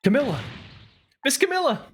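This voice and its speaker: A man voicing an excitable small male dog in a video game, with an eager, yappy manner. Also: very high-pitched, moderate pace, faint music behind, voice pushed up, exaggerated voice. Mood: worried.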